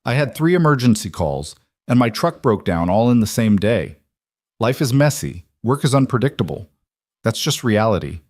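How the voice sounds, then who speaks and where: A man voicing a steady, protective single father who runs his own business, speaking calmly and reassuringly. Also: medium pitch, normal speed, dry recording, studio quality, natural voice. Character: steady single dad, tradesman, calm and protective.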